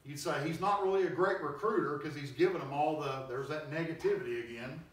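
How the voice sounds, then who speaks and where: Male preacher, emphatic and conversational, pitched a bit high, heard from a distance in a very echoey hall. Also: fairly quick. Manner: emphatic, conversational, acts out quoted voices. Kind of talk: sermon. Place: church hall. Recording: very echoey hall, distant mic, faint noise.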